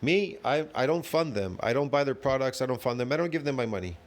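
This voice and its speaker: Man, ranting commentary, emphatic, repetitive, mid-pitched voice. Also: expressive, fast talker. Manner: emphatic, repetitive, rhetorical questions. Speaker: commentator reacting to a video.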